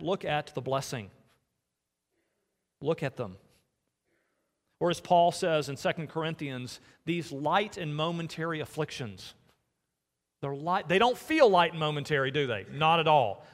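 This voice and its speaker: A man delivers a sermon from the pulpit, earnest and personal, often turning to ask his listeners pointed questions. His voice sits slightly high for a man. It rings out in a church with a long, trailing reverb. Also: animated, a little slow, pauses often, fairly bright tone. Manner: earnest, asks the congregation direct questions. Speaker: pastor. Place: church sanctuary.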